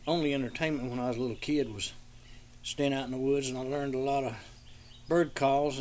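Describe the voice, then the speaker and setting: A man's voice: mid-range voice, darkish tone. An older man with a Southern American accent chatting casually outdoors in a backyard, rambling in a folksy way and imitating bird calls. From southeastern Georgia, USA. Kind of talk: casual outdoor chat with bird call demonstrations.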